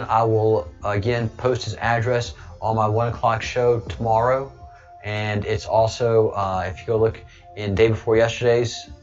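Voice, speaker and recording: Rambling low-voiced male livestream host. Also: lo-fi sound. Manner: rambling, with frequent restarts and fillers. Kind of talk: casual monologue to viewers.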